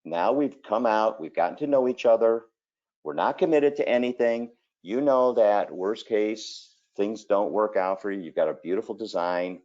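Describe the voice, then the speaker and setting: A kitchen designer talking through a screen-share presentation, telling folksy stories and filling gaps with 'okay' and 'you know'. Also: male voice, fairly low pitch, moderate pace, darkish tone, highs cut off. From Cleveland area, Ohio.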